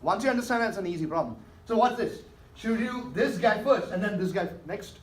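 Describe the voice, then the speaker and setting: Speaking a little fast in a high, animated voice, a man leads a math class, asking students questions and coaxing them to make sure they follow. There's faint hiss and echo, as the classroom was recorded from a distance.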